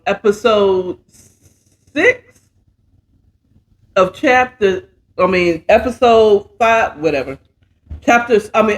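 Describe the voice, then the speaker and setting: Slow, laid-back woman storyteller. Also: medium pitch. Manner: laid-back, chatty, slangy asides. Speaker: host and storyteller. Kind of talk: casual bedtime story recap.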